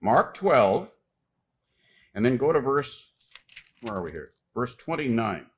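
A man preaching a sermon, reading scripture aloud and pressing key words with loud, emphatic stress. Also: medium pitch, very animated. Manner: reads scripture aloud with pauses.

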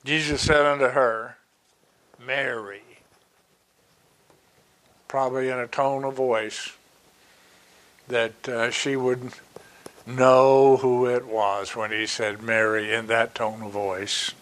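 A man preaching a sermon, reading Bible verses and explaining them with slow, deliberate asides. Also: mid-range voice, level tone, a bit bright.

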